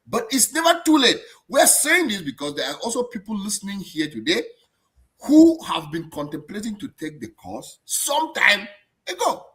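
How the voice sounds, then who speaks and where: At a moderate pace, a man from abroad, not German-born, chats lively on his live stream. His bright, forceful voice sits a touch high and ranges broadly in pitch, and his speech is full of repeated words and restarted sentences.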